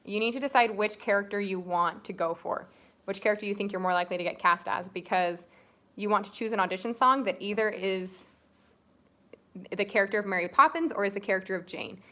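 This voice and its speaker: A woman's voice: medium pitch, brisk, a bit bright. A young woman co-hosting a casual livestream, chatting with viewers and giving audition tips. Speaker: co-host of a family livestream. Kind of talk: casual live-stream chat.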